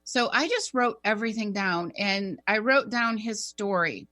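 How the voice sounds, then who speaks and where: Bright-voiced woman telling a story. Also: medium pitch, measured pace. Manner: animated, chatty, rambling with fillers. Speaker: co-host telling a personal story. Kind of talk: casual radio storytelling.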